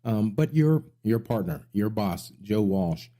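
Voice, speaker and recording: A man's voice: on the low side, lively intonation, takes it slowly, mellow. A middle-aged man hosting a music radio show, telling rambling stories with enthusiasm. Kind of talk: casual interview chat.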